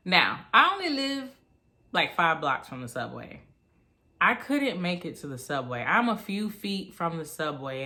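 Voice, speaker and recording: A woman in her thirties telling a personal story in a chatty, animated vlog style. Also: deep voice. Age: 30s. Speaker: vlogger.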